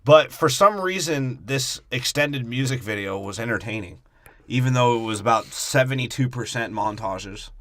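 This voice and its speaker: A man's voice: mid-range voice, expressive, moderate pace, fairly bright tone, no room sound. A young man co-hosting a crude comedy movie review podcast, rambling and mocking. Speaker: podcast co-host.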